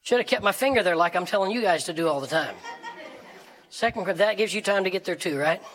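A male pastor preaching a sermon in a church, animated, shouting and laughing as he reads scripture to the congregation. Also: high-pitched, fast talker, a faint crowd, poor audio. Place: church sanctuary.

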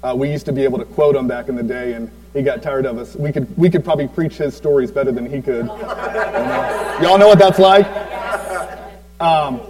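A man in his forties with a slightly high voice tells a personal story to a congregation. He rambles through it, with plenty of ums and uhs and quick asides to the listeners. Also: darkish tone, poor audio. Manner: rambling storytelling with many fillers, asides to the audience. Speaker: church speaker giving a tribute.

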